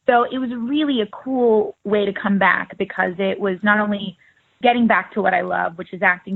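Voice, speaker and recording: A young woman in her twenties, an actress guest in a casual interview, talking in a chatty, upbeat way and laughing easily. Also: mid-range voice. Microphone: phone. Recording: tinny phone line.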